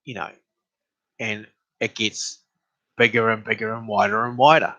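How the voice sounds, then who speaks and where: A man's voice: normal speed, no echo, muffled recording. A man telling a story about an argument in a casual, exasperated way. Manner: animated, exasperated retelling with rising pitch.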